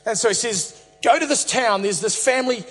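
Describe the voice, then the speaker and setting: A man preaching, retelling a story in a playful, animated way with many restarts. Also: extremely high pitch, a little fast. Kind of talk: humorous sermon storytelling. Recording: reverberant hall, faint music.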